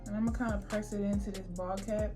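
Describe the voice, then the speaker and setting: A woman's voice: medium pitch, flat delivery, fast, music in the background. A young adult woman vlogging while doing her hair at home, telling a story in a chatty, slangy, exasperated way. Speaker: beauty vlogger. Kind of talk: get-ready-with-me storytime.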